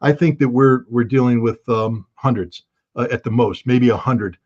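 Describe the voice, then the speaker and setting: A man's voice: medium pitch, normal speed, darkish tone. Brief: a man as a guest analyst, blunt and emphatic, mid-range voice, on muffled lo-fi audio. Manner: blunt, emphatic, bursts of alarm. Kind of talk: interview commentary.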